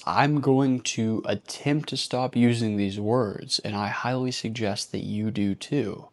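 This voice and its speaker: A young man giving casual self-help advice in a vlog, rambling with profane jokey asides and switching between rapid bursts and slow, deliberate stretches. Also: fairly low pitch. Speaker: YouTuber.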